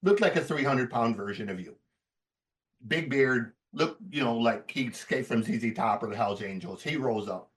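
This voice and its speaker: A man telling stories on a podcast in a casual, profane, animated way. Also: medium pitch, normal speed, far from the mic. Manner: profane, animated storyteller who laughs as he talks.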